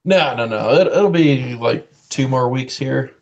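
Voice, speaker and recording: A man's voice: medium pitch, expressive, unhurried, vocal fry, a little mellow, highs cut off. A young man co-hosting a casual podcast, laid-back, swearing and saying "like" a lot. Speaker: podcast co-host. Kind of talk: casual chat.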